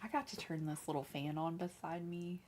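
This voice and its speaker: A woman chatting casually on a live game stream from her room, soft-spoken and giggly, gushing over cute things. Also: fairly low pitch, fairly even intonation, moderate pace, a little hiss or hum. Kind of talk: casual livestream chat while playing. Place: her own room, small fan running beside her.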